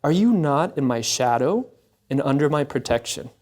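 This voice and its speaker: A man's voice: medium pitch, animated, normal speed, darkish tone, close to an everyday voice. A man voicing the Virgin Mary as a tender, motherly woman who reassures a frightened follower. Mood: reassuring.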